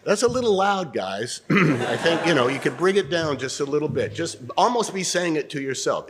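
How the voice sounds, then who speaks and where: An older man teaching an acting workshop, coaching students through scenes in an animated way and often clearing his throat. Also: a little high, normal speed, very noisy.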